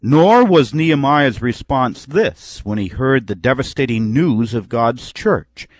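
A man's voice: medium pitch, expressive, a little slow, no room sound, studio quality. A man preaching a sermon. He reads scripture aloud and acts out imagined replies to make his point.

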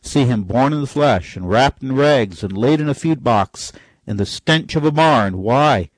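A man preaching a sermon with fervent delivery, climbing sharply in pitch on key phrases and slowing down for emphasis. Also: animated, dry recording.

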